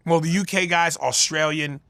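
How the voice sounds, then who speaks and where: A man comedian in a casual interview, talking loud and profane and slipping into accent impressions. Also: a little high, steady tone, moderate pace, gravelly, no room sound. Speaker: comedian guest.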